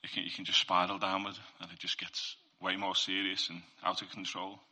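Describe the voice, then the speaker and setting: A man's voice: low-pitched, completely flat delivery, fairly quick, bright, forceful tone. A man giving an informal Christian faith talk. He speaks earnestly and conversationally, sharing testimony and addressing listeners directly.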